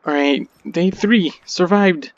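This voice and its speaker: Panicky high-voiced man gaming. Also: takes it slowly, dry recording, highs cut off. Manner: panicky, exclamatory, talking to himself. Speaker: gamer. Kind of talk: let's play commentary.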